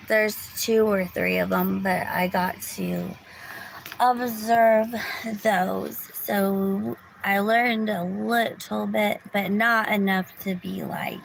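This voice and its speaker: A woman talks slowly to her viewers from her car, her voice gravelly with fry. She rambles and restarts her sentences, sometimes slipping into a whisper. Faint background noise sits under the phone recording. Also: mid-range voice, rough recording. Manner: rambling, restarts often, drops to a whisper at times. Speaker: vlogger. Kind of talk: casual storytelling to viewers. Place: car in a parking lot.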